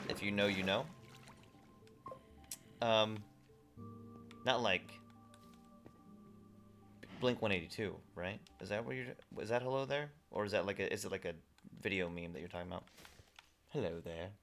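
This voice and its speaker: A man's voice: fairly low pitch, moderate pace, long pauses, a bit bright, soft background music. A man hosting a casual gaming livestream, reading viewer chat messages aloud and chatting back. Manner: reads viewer chat aloud and replies conversationally. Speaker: livestream host.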